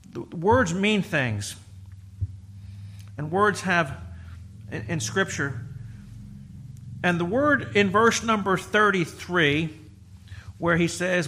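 A middle-aged man preaching a sermon, emphatic, swinging from loud exhortation to quiet, with repeated restarts. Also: sits high.

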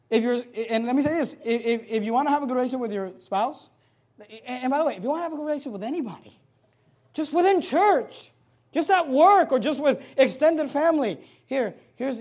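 Male pastor mid-sermon: folksy and conversational, punches key lines loudly and drops low for asides. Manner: animated, swings between loud emphasis and quiet asides; reads scripture aloud in King James wording.

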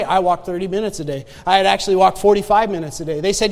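A man's voice: sits high, fast, hardly any pauses. A male pastor preaching a sermon, telling a personal story with emphatic repetition and asking the congregation for an "Amen.". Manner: emphatic, repeats key phrases, asks the congregation "Amen?". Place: church sanctuary. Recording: long reverb of a church hall.

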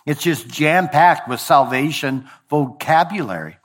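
A male pastor delivers a sermon to his congregation in a voice pitched a little above the usual. He preaches deliberately, slowing for emphasis and letting his phrases fall low at their close. Now and then he trips on a word and corrects himself. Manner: occasional verbal slips and self-corrections.

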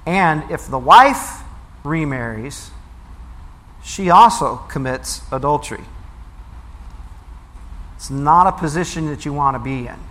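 A man delivering a sermon in a slightly high voice. He reads scripture aloud, then explains it, leaning hard on key words. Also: expressive, measured pace, long pauses, a bit bright. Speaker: preacher.

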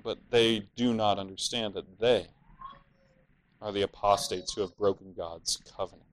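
A man's voice: lowish voice, fairly even intonation, moderate pace, poor audio. A man preaching an expository sermon, explaining scripture earnestly and at times voicing the villains' laments in a mocking tone.

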